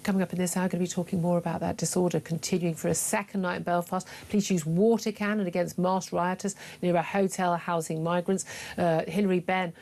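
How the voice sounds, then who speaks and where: A middle-aged woman hosts talk radio in a low, gravelly voice. She delivers her opinions in a forthright, emphatic way, often pausing on fillers. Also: level tone, a little mellow. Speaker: radio talk show host.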